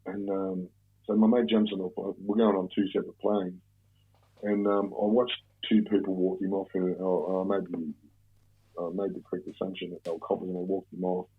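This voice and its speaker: A man's voice: low-pitched, flat delivery, brisk, slightly rough. A man with an Australian accent telling a rambling, profane story in casual chat, with many restarts. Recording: tinny phone-like audio.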